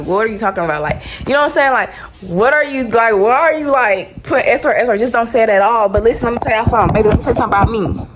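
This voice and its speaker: A woman's voice: a little high, a bit bright, slight background noise, rough recording. A woman chatting casually to her phone camera in a vlog, slangy and full of fillers. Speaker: vlogger.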